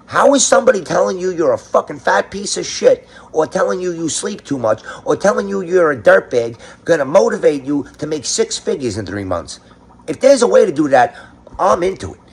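A man with a New York accent delivers a sarcastic, foul-mouthed comedic rant. His voice is husky and a bit rough, and every line is packed with casual profanity. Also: a little high. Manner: sarcastic, crude, swears constantly. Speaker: commentary host.

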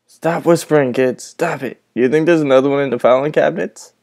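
A man with a fairly high, darkish-toned voice talks briskly while reacting to a horror game. He's at home at night in a lit room, playing with a friend and cursing nervously into a headset as he casually comments.

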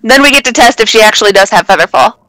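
Bright lively voice, player joking around in a tabletop game, dry close mic. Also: mid-range voice, rapid-fire, no room sound, rough recording. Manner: playful, laughs often, bold jokes. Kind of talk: casual tabletop play.

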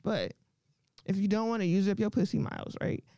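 A woman's voice: medium pitch, brisk, mellow, no room sound. A woman doing a crude, brash stand-up comedy set, laughing often between her lines.

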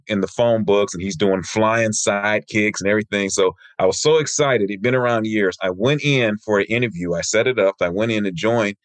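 Low-voiced man telling stories, dry sound. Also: dry recording. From Michigan. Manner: lively storyteller who acts out quoted people. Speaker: martial arts instructor. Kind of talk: interview guest storytelling.

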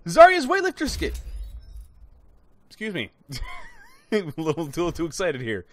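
A man's voice: high-pitched, huge pitch swings, a little slow, slight background noise. Gleeful young man opening loot boxes. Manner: gleeful, exclaims loudly at good items; chatty, addresses viewers as guys. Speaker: gaming YouTuber. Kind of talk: excited loot box opening commentary.

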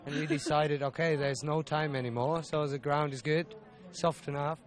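A man rider interviewed outdoors after competing, speaking in short, halting sentences with simple phrasing. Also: on the high side, fairly even intonation. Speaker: event rider.

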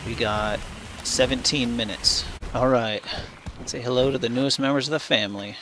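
A man's voice: medium pitch, fairly even intonation, normal speed. A man hosting a gaming channel, giving casual let's-play commentary and cooing baby talk at the animals he tames. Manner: chatty, coos baby talk at his pets. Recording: clear background noise with game sounds.

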